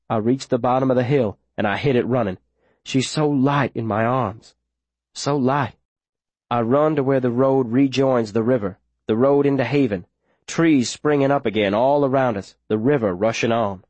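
A man's voice: medium pitch, normal speed, dry recording. A man reading a first-person audiobook with urgent, tense storytelling. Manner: urgent, tense storytelling with sudden shouted lines. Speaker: audiobook narrator.

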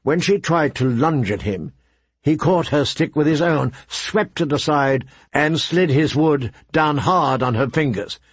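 A man narrating an audiobook in a measured, even storytelling manner. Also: on the high side, breathy edge, no room sound.

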